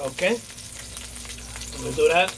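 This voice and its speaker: Amid frying sizzle and running water in a home kitchen, a man with a fairly high, gravelly voice and lively intonation walks viewers through a casual cooking demo at a moderate pace. He's chatty, repeats himself and leans on lots of fillers and okays.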